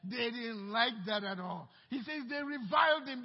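A male pastor preaching an animated, emphatic sermon and calling out for amens. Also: extremely high pitch, moderate pace, hardly any pauses. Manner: animated, emphatic preaching with call-outs for amen. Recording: muffled recording with long hall reverb.

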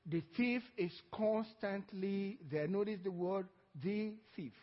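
A man's voice: high voice, big-room sound, lo-fi sound. A man preaching a sermon as pastor, drawing out key phrases and calling on the congregation to answer. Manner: preaching with call-and-response, drawn-out emphatic phrases. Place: church hall.

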